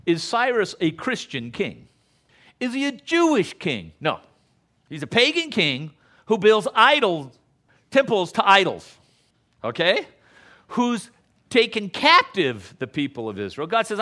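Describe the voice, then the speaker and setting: A man's voice: fairly high pitch, very animated, a little slow, pushed and bright. A man preaching a sermon, teaching in a conversational way and asking the congregation questions. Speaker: pastor.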